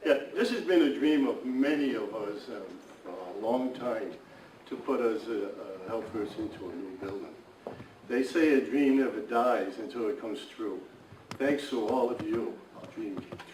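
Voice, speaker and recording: A man emceeing a building dedication, speaking in a relaxed, chuckling way with some hesitation. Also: on the low side, moderate pace. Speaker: ceremony emcee. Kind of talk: casual emcee remarks. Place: indoor building dedication event. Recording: echoey distant recording over a loud crowd and noise.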